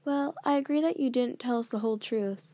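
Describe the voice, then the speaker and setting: A woman voicing a sensible, curious teenage girl who speaks in a reasonable, gently persuasive way, close to her own voice. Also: a little high, brisk, dry recording, lightly acted. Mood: earnest.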